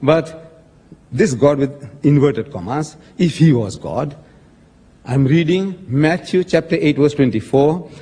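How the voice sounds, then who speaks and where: A man with a slightly high, husky, dark-toned voice speaks slowly but with real animation, arguing in a public religious debate. He is emphatic and pointed, quotes scripture with dramatic stress, and calls his opponent "sir." The echoey hall gives the recording a long reverb.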